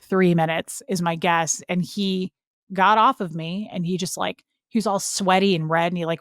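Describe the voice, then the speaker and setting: A woman's voice: fairly low pitch, no room sound, clean studio sound. A woman guest telling a personal story in a casual, earnest way, full of "like" fillers. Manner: earnest and emotional when recounting. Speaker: podcast guest.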